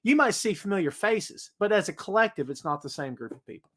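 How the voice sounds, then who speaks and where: Speaking fairly quickly in a high voice, a man hosts a solo wrestling podcast streamed live. He rants with energetic animation, talks up his predictions, and reads out chat comments.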